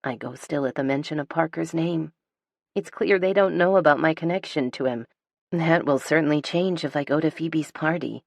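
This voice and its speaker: A woman narrates a first-person romance audiobook in a low, dark voice with vocal fry, her delivery dry, sardonic, unhurried and measured. The recording is close-miked and completely dry, with no room sound or echo.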